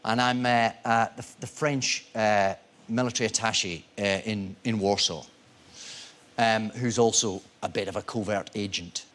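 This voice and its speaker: A man in his forties, an actor guest on a talk show, telling animated anecdotes with self-deprecating humor. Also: fairly low pitch, normal speed.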